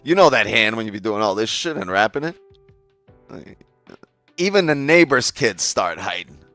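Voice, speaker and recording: A man with a low voice and a lively, swinging pitch hosts a trading live stream. He jokes with his chat and swears casually. The sound is dry, with faint music underneath. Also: moderate pace, no echo. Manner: loose and joking, swears often, talks straight to chat.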